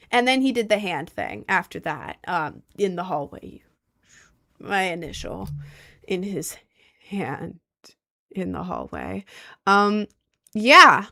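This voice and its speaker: Gravelly young woman telling a story. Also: mid-range voice, big pitch swings, slow, pauses often, bright, forceful tone, dry recording, studio quality. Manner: rambling, lots of "like" fillers. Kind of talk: casual storytime.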